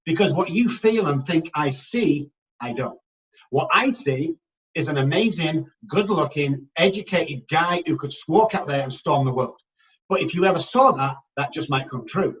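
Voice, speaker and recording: Fields: Sex: man. Pitch: fairly high. Role: recovery expert guest. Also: moderate pace, recorded from a distance, lo-fi sound. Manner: energetic, emphatic, addresses listeners as guys. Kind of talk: animated podcast storytelling.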